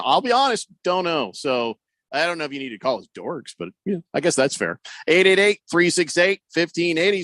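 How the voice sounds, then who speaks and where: Sports radio host, man, lively rambling delivery, slightly high voice, dry studio sound. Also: no room sound. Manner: rambling, joking, reads listener texts aloud. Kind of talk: casual call-in talk radio. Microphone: studio microphone.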